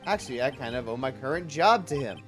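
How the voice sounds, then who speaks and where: A woman's voice: rumbling low, animated, fast, soft background music. A woman voicing a nervous young male defense lawyer in a video game in her own regular voice. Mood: earnest.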